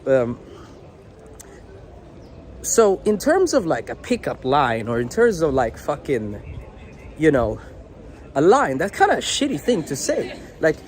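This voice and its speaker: A man's voice: fairly high pitch, wildly swooping pitch, unhurried, pauses often, a little mellow, slight background noise. A young man, a dating coach, talking to the camera outdoors in a blunt, crude and unfiltered way. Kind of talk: casual talking-to-camera advice.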